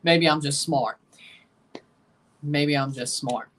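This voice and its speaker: A Southern-accented streamer reacts to a soccer match in a casual live watchalong, answering chat and announcing the minutes as they pass. He speaks slowly in a slightly high, fairly bright voice, picked up by a distant mic.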